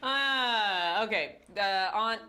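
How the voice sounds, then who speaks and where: A woman's voice: medium pitch, drawn-out words, pushed and bright. A woman hosting a party word game on a TV show, reading prompts aloud and laughing often. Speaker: host. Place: TV studio with guests.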